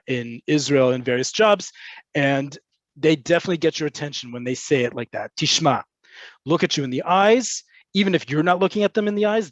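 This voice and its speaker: A man's voice: fairly high pitch, dry recording. A man teaching a webinar lesson and answering viewers' questions, explaining patiently with frequent fillers. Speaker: Hebrew language teacher. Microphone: computer mic on a video call. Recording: dull, dry webinar audio.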